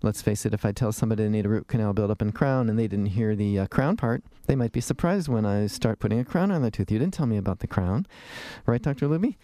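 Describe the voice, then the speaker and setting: A man's voice: lowish voice, expressive, quick pace, hardly any pauses, dark tone. A man hosting a radio talk show as a dentist, chatting in a rambling way with fillers and restarts from a studio.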